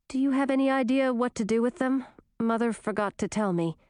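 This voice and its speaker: A woman's voice: fairly high pitch, a little fast, a little mellow, clean tone, dry recording, clean studio sound, natural voice. A woman voicing an earnest, spirited young princess who is new to magic, a little flustered.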